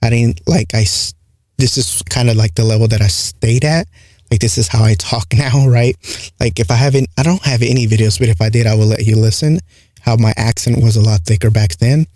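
Guy w a slight accent rambling on his podcast, lots of likes, warm low tone, super dry close mic. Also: a little fast, no room sound. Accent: light non-native English accent. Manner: rambling, frequent "like" and "right?" fillers. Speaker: podcast host. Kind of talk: casual solo podcast monologue. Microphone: close studio mic with compressor.

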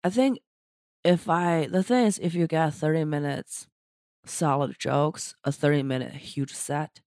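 A stand-up comedian co-hosting a casual podcast chat speaks earnestly, restarting her sentences often. Her voice is low-pitched, a little slow and a little mellow, recorded dry with clean studio sound.

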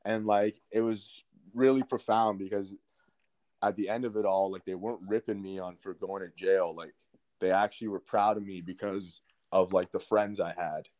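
A man's voice: low-pitched, steady tone, normal speed, a little mellow, no echo. A young man, a podcast guest, telling a story casually with lots of swearing and fillers. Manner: profane, many fillers. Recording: dry, slightly dull sound.

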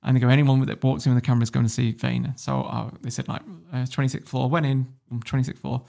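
Talking fast with vocal fry, a man with a dark, medium-pitched voice and little pitch movement shares a casual story as a guest entrepreneur on a podcast. He's blunt, swears freely, and laughs throughout.

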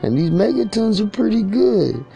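Gravelly, mellow-toned man, rambling comic monologue, sing-song bits, faint music under. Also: high-pitched, very animated, moderate pace. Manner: rambling, jokey, slips into sing-song chants.

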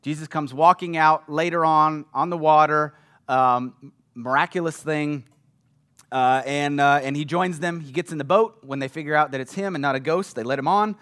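Chatty preacher man, slightly high voice. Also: normal speed, fairly bright tone, clean tone. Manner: chatty, often checks in with "right?", acts out quotes. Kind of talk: casual conversational sermon.

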